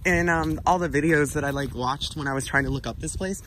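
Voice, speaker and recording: A man's voice: a little high, brisk, low-quality recording. A young man vlogging outdoors in a forest, talking casually with lots of fillers as he rambles. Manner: rambling, filler-heavy, animated. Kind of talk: casual vlog chat. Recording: outdoor recording with background noise.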